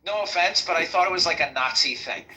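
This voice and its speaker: A man's voice: on the high side, fast talker, bright, forceful tone, rough recording. A man hosting an audio chat room, talking loosely and informally and calling people bro. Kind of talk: casual chat.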